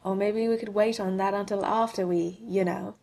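A woman voicing a sleepy, mild-mannered man in an audiobook reading, muttering with a husky tone. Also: mid-range voice, fairly even intonation, moderate pace, darkish tone. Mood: drowsy. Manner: drowsy, muttering.

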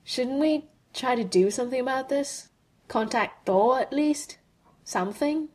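A woman voicing a brash, sarcastic man in an audiobook reading, with a husky tone and quick, exasperated banter. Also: high-pitched, darkish tone, pitched above the performer's own voice.

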